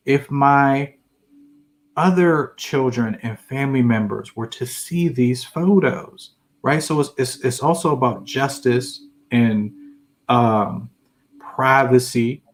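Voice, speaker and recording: A man at a middle pitch speaks in an unhurried way as he co-hosts a podcast. He talks earnestly, stumbling over repeated words as he works out what he wants to say. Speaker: podcast co-host. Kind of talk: casual podcast discussion.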